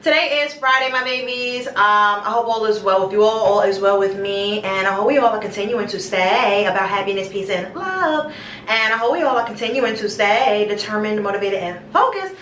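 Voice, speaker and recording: A woman's voice: medium pitch, brisk, fairly bright tone, slight background noise. A young woman vlogging in a small bathroom, chatting to her viewers in a rambling, affectionate way and calling them her babies. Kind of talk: casual chat to camera. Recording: echoey bathroom, distant mic.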